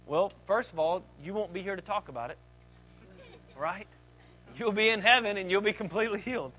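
A man preaching a sermon as pastor, with lively delivery that swings between loud, fervent passages and quiet asides, acting out voices and joking with the congregation. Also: high-pitched, brisk. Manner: dynamic preaching, acts out disciples' voices, jokes.

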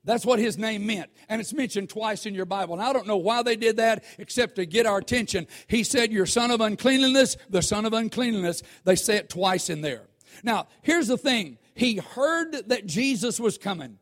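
High-voiced preacher man, drawl. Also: expressive, normal speed. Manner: conversational preaching that swells to shouts. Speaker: pastor. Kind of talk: sermon.

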